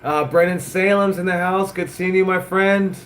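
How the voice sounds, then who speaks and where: A man's voice: sits high, fairly even intonation, normal speed, a bit bright, roomy sound, a little hiss or hum. A middle-aged man, a wrestling coach hosting a chat show, talking bluntly and profanely with lots of energy. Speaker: wrestling coach and podcast host. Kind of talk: casual chat.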